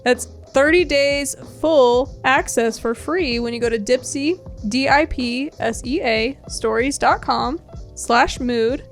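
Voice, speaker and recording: A high-voiced woman co-hosting a podcast, her throat a touch scratchy. She talks in an earnest, reassuring way. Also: slow pace, soft background music. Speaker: podcast co-host. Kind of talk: casual chat and ad read.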